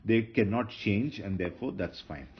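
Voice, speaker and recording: Low-voiced man explaining grammar. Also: moderate pace. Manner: explaining step by step, with fillers and self-corrections. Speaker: Hebrew grammar teacher. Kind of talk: lecture. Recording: dull lo-fi lecture recording with faint noise.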